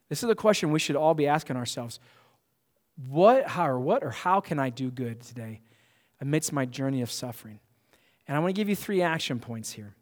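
In a church sanctuary, a male pastor preaches to his congregation in an emphatic, conversational manner, often starting his sentences over. His voice is medium-pitched, trailed by a long reverb tail.

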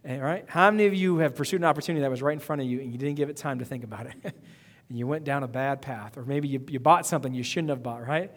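Man preaching in an echoing hall. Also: medium pitch. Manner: preaching with emphatic rising outbursts and quick repetitions. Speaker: pastor. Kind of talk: sermon. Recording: long reverb of a hall.

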